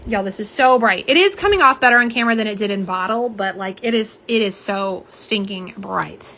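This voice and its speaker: A middle-aged woman hosts a casual nail polish livestream from her home setup, bubbly as she chats with viewers and reads their comments aloud. Captured on a phone camera, her mid-range voice is fairly quick and sharp, with a little hiss or hum.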